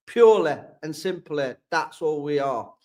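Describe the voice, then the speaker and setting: A man's voice: fairly high pitch, lively intonation, unhurried, a little mellow. Chatty Sheffield man hosting a fan stream. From England. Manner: reads out viewer comments and answers them, blunt and chatty. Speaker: fan channel host. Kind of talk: live fan reaction stream.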